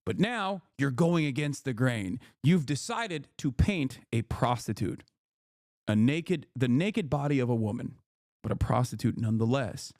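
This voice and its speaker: A man's voice: mid-range voice, expressive, unhurried, a little mellow, dry recording, studio quality. A male streamer giving reaction commentary in a blunt, profane and emphatic way, often checking in with "okay?".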